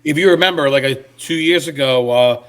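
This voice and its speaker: A man co-hosting a casual podcast, telling a story in a lively way. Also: fairly high pitch, fairly quick. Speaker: podcast co-host.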